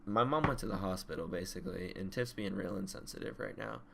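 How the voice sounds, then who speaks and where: A young man co-hosting a podcast, telling a story in a rambling, casual way with lots of swearing and loud re-enacted yells. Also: deep voice, fast, gravelly, background noise. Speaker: podcast co-host. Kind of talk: casual chat.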